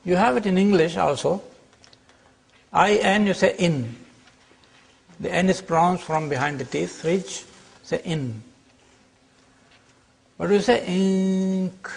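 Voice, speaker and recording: A man teaching a class, explaining slowly and checking that his students follow. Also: high-pitched, gravelly, husky. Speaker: Arabic teacher. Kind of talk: classroom lecture.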